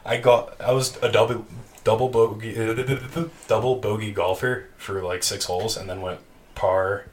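A man co-hosting a podcast, telling a long story in casual chat, animated and laughing, with casual swearing. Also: on the low side, unhurried. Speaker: podcast co-host. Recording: distant mic with faint noise.

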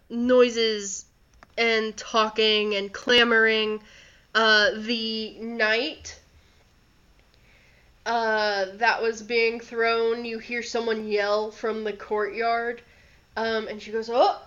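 Woman game master narrating the scene, slow and a bit high, dull lo-fi recording. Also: a bit bright. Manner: unhurried, with fillers.

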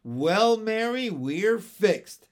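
Give me a man doing a hearty, booming old uncle bubbling with laughter. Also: sing-song, extremely slow, heavily acted. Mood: jovial. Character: jolly, hearty elderly uncle, giggling.

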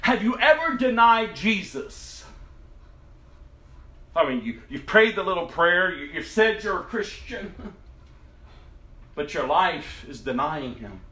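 A man preaching a sermon, acting out scripture with big swings from loud to hushed. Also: on the high side, animated, slow pace, reverberant.

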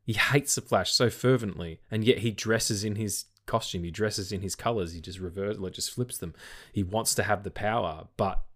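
A man's voice: on the low side, normal speed, a bit bright. A tired man with an Australian accent, co-hosting a film podcast in a rambling, casual way. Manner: rambling, with frequent restarts and swearing. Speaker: podcast co-host. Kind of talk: casual chat.

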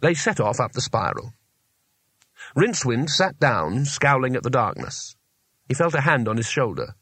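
A male narrator reads a comic fantasy novel in a measured, expressive way, with a lively, varied pitch. The recording is dry and close, with no room sound at all. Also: slightly rough, no room sound. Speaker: audiobook narrator. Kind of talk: scripted narration.

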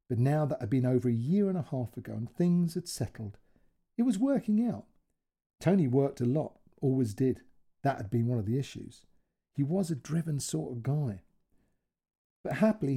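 A man narrating a short story in a gentle, emotive way, giving each character a voice. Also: mid-range voice, gravelly, slightly rough. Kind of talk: scripted narration.

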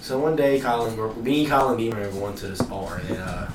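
A man's voice: mid-range voice, brisk. A man telling a story in casual podcast chat, acting out each person's lines as he goes. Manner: animated storyteller acting out dialogue. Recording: roomy, distant mic with crowd noise.

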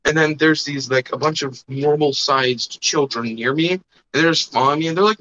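A man's voice: on the high side, moderate pace, pushed and bright, a little hiss or hum. A young man casually telling a long story on a podcast, rambling with fillers and acting out the other people's voices. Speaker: podcast host. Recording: dull lo-fi sound.

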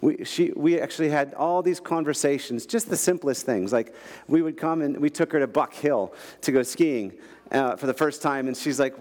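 Animated man preaching in a reverberant hall. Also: fairly high pitch, moderate pace. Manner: animated, emotional storytelling with frequent laughs. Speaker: guest preacher. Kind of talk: sermon. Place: large church hall. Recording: long reverb of a large hall.

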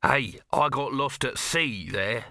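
A man's voice: medium pitch, slow, vocal fry, pushed and bright, no echo, full character voice. Male reader voicing a scheming middle-aged hustler, sly and wheedling, dry close sound.

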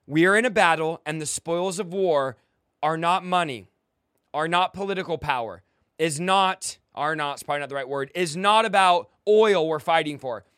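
A young man preaches with fire, confrontational and mocking, barking commands at his listeners. His voice sits high for a man. The sound is close and dry, with no room around it. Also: a bit bright, clean tone, dry recording. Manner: exhorting, commanding. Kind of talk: fiery sermon.

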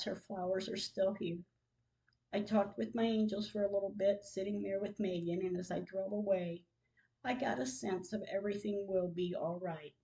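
A woman's voice: medium pitch, dark tone, low-quality recording. A woman hosting a podcast, reading her own diary entries aloud in a grieving, emotional way. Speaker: podcast host.

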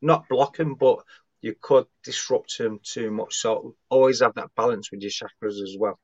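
A man, a guest psychic medium on a video call, talking in a rambling, halting way with many restarts. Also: medium pitch, dry recording, lo-fi sound. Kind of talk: casual live-stream chat.

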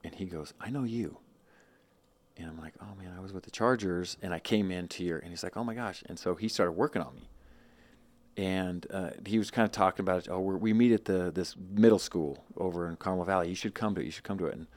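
A man's voice: sits low, a little fast, darkish tone. A man in his thirties telling a personal story in a casual interview, rambling with many restarts and quoted asides. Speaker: guest.

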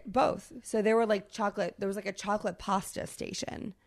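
A woman co-hosting a podcast tells a travel story in casual chat, animated, swearing freely and using lots of fillers. Her voice is medium in pitch and she talks fairly quickly.

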